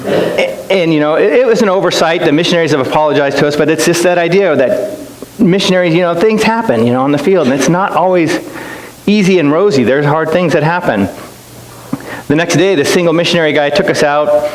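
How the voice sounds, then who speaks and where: A man's voice: fairly high pitch, a little fast. A middle-aged man speaking as a guest missionary, telling stories to a church in a chatty, self-deprecating way with lots of restarts. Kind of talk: storytelling church talk. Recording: echoey church hall with faint hiss.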